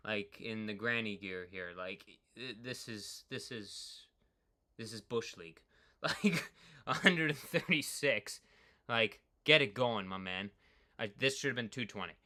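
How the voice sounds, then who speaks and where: A man casually rambling through his own workout data, excitable and full of "like", swinging between hype and low mutters. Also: a little slow. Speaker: cyclist streamer reviewing his workout.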